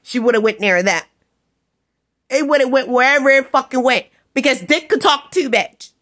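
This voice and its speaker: Woman, high voice, vlog rant, angry, rambling, profane, bursts of shouting. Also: normal speed. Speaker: vlogger. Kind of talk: ranting vlog monologue.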